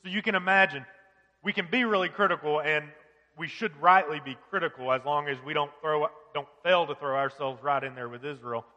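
Bright-voiced preaching man, echoing hall. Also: a little high, lo-fi sound. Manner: earnest preaching with rhetorical questions. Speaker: pastor. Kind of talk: sermon.

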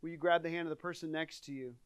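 A male pastor preaches in an earnest, conversational way, rising to stress a point and sinking low and soft for reflection. His voice sits a little high for a man, and the recording is dry and close, with almost no room sound. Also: fairly even intonation, rapid-fire, clean tone, no room sound. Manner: earnest, conversational preaching with dynamic swings in volume. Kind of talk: sermon.

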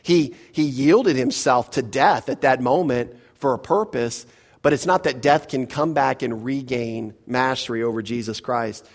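A pastor preaching an expository sermon to his congregation, emphatic and full of rhetorical questions, often dropping to a softer voice. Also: medium pitch, unhurried. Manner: emphatic, rhetorical questions, drops to soft asides.

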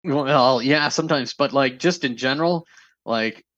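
A man's voice: medium pitch, a little slow, fairly bright tone, no room sound, dull audio. A man co-hosting a podcast in casual chat, often stopping and restarting his sentences. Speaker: podcast co-host.

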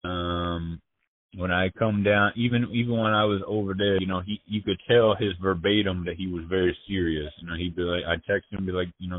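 A man telling his story in casual, profane slang, halting and restarting often. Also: deep voice, level tone, a little hiss or hum. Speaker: interviewee. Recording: tinny phone line.

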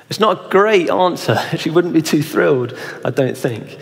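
A man's voice: fairly high pitch, expressive, moderate pace, gravelly, hardly any pauses. A young man preaching a sermon in a conversational way, often asking his listeners questions. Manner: conversational, asks the audience questions. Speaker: pastor. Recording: reverberant hall.

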